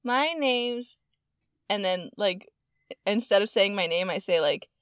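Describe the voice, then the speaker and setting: A woman co-hosting a podcast, giggling and tentatively pitching ideas for a comedy bit. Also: steady tone, moderate pace, clear, resonant tone, no echo, studio quality. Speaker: podcast co-host. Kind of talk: casual banter, planning a comedy bit.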